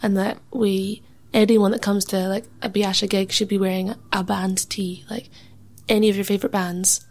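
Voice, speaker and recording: Young woman musician as interview guest, creaky texture, chatty and laughing. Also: mid-range voice, level tone, moderate pace, a little mellow. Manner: chatty, laughs often, says "like" a lot; acts out other people's lines in quoted voices. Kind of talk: casual interview chat.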